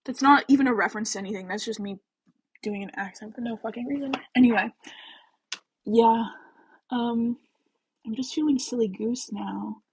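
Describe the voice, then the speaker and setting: A woman's voice: a little high, slightly rough, low-quality recording. A woman hosting a casual book-chat livestream, rambling and giggly, filling her talk with "like" and "um.". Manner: chatty, rambling, lots of "like" and "um"; giggly, self-deprecating.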